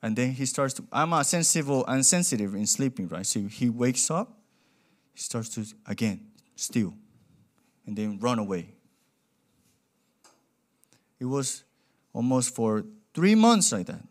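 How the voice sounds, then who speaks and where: Lively young male preacher. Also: mid-range voice, measured pace, pauses often. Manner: animated, acts out quoted voices, non-native grammar. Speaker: pastor. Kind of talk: sermon with storytelling.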